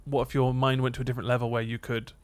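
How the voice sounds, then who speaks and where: Fast-talking man, rambling. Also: medium pitch, little pitch movement, smooth, no room sound. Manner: rambling, trails off mid-sentence. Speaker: podcast co-host. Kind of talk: casual chat.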